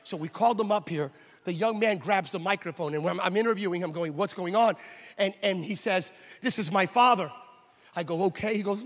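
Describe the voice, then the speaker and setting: A male pastor preaching a sermon on a church stage, telling a story and building to shouted exhortation. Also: high-pitched, brisk, vocal fry. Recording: hall reverb.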